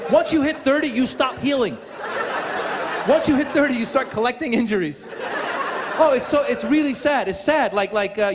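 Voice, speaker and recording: A man performing a stand-up set, telling self-mocking stories in an animated way. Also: high-pitched, noisy background. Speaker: stand-up comedian. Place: comedy stage. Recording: echoey venue with loud audience.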